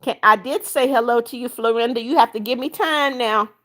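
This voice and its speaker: A woman's voice: a little high, brisk, fairly bright tone. Upbeat woman hosting a live stream. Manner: reads viewer comments aloud and greets each by name; upbeat, coaxing viewers to like and subscribe. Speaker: livestream host. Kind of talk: casual live-stream chat.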